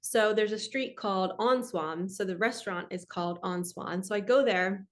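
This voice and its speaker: Woman host, earnest and chatty, middle pitch, personal storytelling to listeners. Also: normal speed. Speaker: spiritual podcast host.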